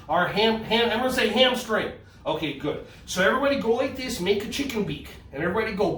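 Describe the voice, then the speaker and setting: Playful, high-voiced man leading kids' yoga. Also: fairly bright tone, a little hiss or hum. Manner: goofy, teasing, high-energy. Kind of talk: playful movement lesson for children. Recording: roomy sound from a distance with faint ambience.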